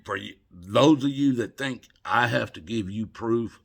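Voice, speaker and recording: An older video blogger speaks straight to camera in an emotional, scolding monologue, lurching from loud outbursts to hushed murmurs. His voice is medium in pitch and creaky, and he keeps a measured pace.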